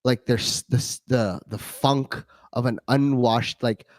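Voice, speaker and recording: A man's voice: mid-range voice, takes it slowly. A man co-hosting a podcast, telling stories in casual, crude banter, swearing often and acting out what he said. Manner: profane, animated storyteller, acts out quotes. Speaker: podcast co-host.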